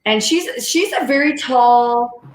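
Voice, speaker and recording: A woman host in casual chat on a video call, chatty with quick asides. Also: fairly high pitch, roomy sound.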